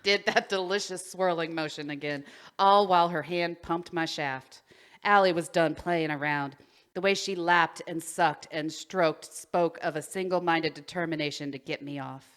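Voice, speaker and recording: A woman's voice: low voice, moderate pace, a bit bright, clean tone. A woman co-hosting a podcast, reading a story aloud, stumbling over words and breaking into giggles. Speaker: podcast co-host.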